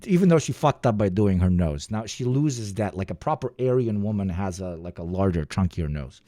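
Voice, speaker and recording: A man's voice: fairly low pitch, big pitch swings, measured pace, vocal fry, dark tone, no room sound, clean studio sound. A man streaming live reaction commentary, rambling and swearing with laughing asides.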